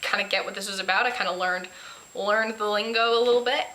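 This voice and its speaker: A woman chats in a rambling, candid vlog, poking fun at herself as she goes. Her voice is bright and clear on top. The room echoes around her and the audio is poor. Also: mid-range voice, fairly even intonation, fast talker. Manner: candid, self-deprecating, rambling. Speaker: vlogger. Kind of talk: casual personal vlog.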